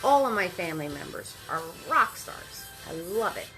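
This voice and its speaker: A woman runs a live online painting lesson as a paint party instructor, chatting, encouraging, and greeting viewers as she goes. Her voice is on the low side and sing-song at a normal speed. Music plays in the background, and the recording is rough.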